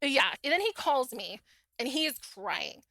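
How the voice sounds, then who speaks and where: A woman's voice: sits high, a little slow, no echo. A middle-aged woman, a podcast guest, casually telling her own story and acting out the dialogue in it. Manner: animated, acts out quoted dialogue.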